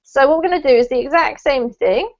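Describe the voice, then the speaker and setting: A woman's voice: sits high, animated, quick pace, a little mellow. A woman teaching English pronunciation in an online class, patient and encouraging, explaining sounds with careful emphasis. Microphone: video call. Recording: dull lo-fi video call audio.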